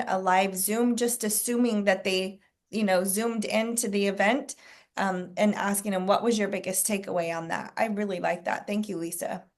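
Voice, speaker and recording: A woman leading a team video call, giving casual coaching in an encouraging way, with frequent fillers and throat-clearing. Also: mid-range voice.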